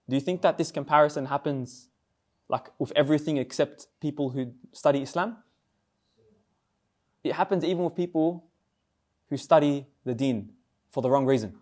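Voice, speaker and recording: A man's voice: fairly high pitch, a little mellow. A young man giving a casual sermon to students, talking conversationally, often asking the listeners questions and repeating words. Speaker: speaker at a student Islamic society talk.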